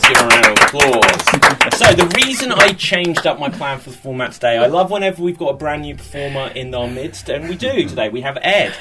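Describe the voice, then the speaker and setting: A man's voice: medium pitch, animated, brisk, far from the mic, loud music behind the voice. A man hosting an improv comedy show, introducing games in an upbeat way and laughing often. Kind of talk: lively improv game hosting.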